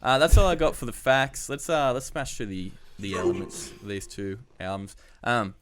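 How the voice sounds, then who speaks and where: A man's voice: mid-range voice, fairly even intonation, moderate pace, smooth. A man hosting a casual music podcast, chatting loosely with fillers and swearing. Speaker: podcast host. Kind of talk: casual chat.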